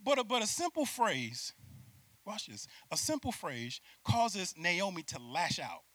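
A male preacher delivers an animated sermon in a high, lively voice that rises and falls widely. He acts out little scenes, laughs often and calls out to his listeners. The sound is dry and close. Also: no room sound.

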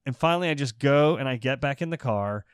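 A man co-hosting a comedy podcast, telling a story in a casual, animated way, laughing and swearing as he goes. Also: mid-range voice, fast talker, clear, resonant tone, no room sound, studio quality. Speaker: podcast co-host.

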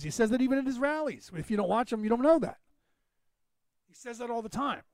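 A Northern California man hosts a podcast, rambling emphatically in a casual monologue and calling out listeners by name. His voice is extremely high-pitched yet darkish in tone, with lively intonation and a quick pace. There's no echo.

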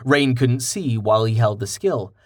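A man narrating a fantasy audiobook in an expressive storytelling style on a close mic. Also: mid-range voice, moderate pace, dry recording.

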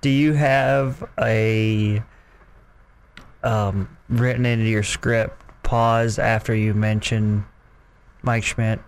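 A man's voice: on the low side, fairly even intonation, takes it slowly, clear, resonant tone. Ribbing male radio co-host. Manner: ribbing, chuckling. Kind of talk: casual sports radio banter.

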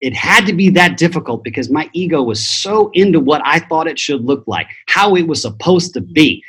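His voice is a little high, fairly bright and slightly rough, expressive at a normal speed, on a low-quality recording. This middle-aged podcast guest and transformation teacher shares personal stories in a blunt, profane motivational way, acting out quotes.

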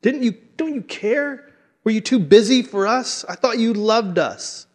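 A man voicing a grieving young woman who pleads and accuses, her voice rising toward near shouts. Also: extremely high pitch, expressive, moderate pace, pitched above the performer's own voice. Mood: anguished accusing. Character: grieving young woman demanding why help never came.

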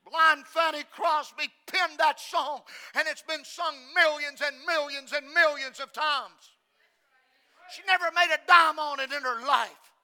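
A man preaching a sermon with passion, swinging between hushed, quiet stretches and loud shouting. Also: extremely high pitch, steady tone, a little slow.

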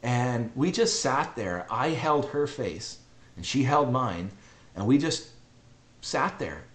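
A middle-aged man telling a heartfelt personal story on a podcast, earnest and emotional, often halting and repeating himself. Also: medium pitch, lively intonation, a little hiss or hum. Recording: roomy echo.

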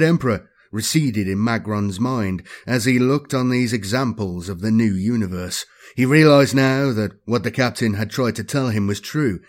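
Man reading dark sci-fi narration. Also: lowish voice, moderate pace, hardly any pauses. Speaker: audiobook narrator. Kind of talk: scripted narration.

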